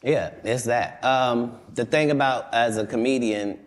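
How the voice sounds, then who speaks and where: A man's voice: mid-range voice, a little slow. A male comedian talking in an interview, assertive and matter-of-fact, rambling through his points. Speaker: comedian guest. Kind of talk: interview conversation.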